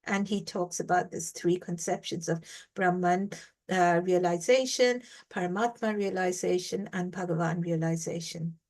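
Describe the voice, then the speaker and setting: A woman's voice: lowish voice, moderate pace, darkish tone. A woman teaching a reflective scripture reading class in an emphatic way, repeating words for stress and often saying "you know".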